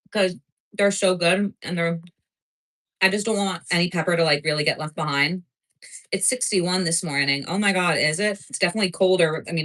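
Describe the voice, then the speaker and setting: A woman's voice: lowish voice, fairly bright tone, rough recording. A woman from New Jersey with a New Jersey accent, hosting a live cooking stream in a chatty, rambling way full of filler words. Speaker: cooking show host.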